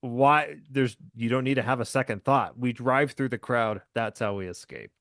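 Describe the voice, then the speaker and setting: A man's voice: mid-range voice, moderate pace, fairly bright tone, no echo, clean studio sound. A man hosting a podcast, chatting casually and enthusiastically about a movie, laughing often. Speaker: podcast host.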